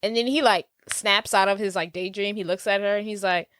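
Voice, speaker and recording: A woman's voice: medium pitch, fairly even intonation, a bit bright, no echo. A chatty woman co-host with a mid-range voice who talks a film through casually and chimes in often. The sound is dry and close to the mic. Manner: chatty, quick affirmations. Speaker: podcast co-host. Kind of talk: casual movie recap chat.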